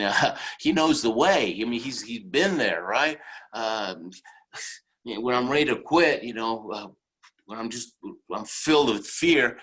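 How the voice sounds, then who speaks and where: A middle-aged man delivering a motivational keynote in a husky, slightly raspy voice. He tells his stories with animated energy and keeps checking in with the audience with "right?" and "okay?". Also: medium pitch. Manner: animated storytelling, tags lines with "right?" and "okay?". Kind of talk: motivational speech.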